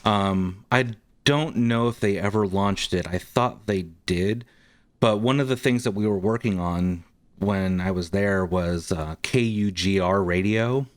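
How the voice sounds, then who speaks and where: A man's voice: on the low side, a little slow. A man guest on a podcast, telling a story casually with many ums and likes. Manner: rambling, frequent ums and likes.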